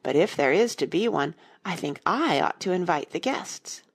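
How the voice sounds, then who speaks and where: A woman's voice: on the low side, expressive, moderate pace, slightly rough. A woman voicing a polite but argumentative young girl in a storybook reading, talking eagerly. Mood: earnest.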